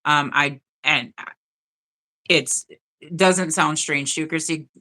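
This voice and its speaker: Woman, live-stream host, earnest, low pitch, bright tone, casual chat. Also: steady tone, slow. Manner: earnest, speaks to viewers directly.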